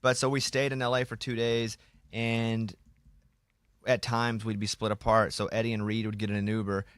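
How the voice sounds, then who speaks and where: Male host, relaxed conversational delivery, dry close studio mic. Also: lowish voice, moderate pace, clear, resonant tone, no echo. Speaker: radio show host. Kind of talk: casual studio chat. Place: radio studio. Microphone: studio microphone.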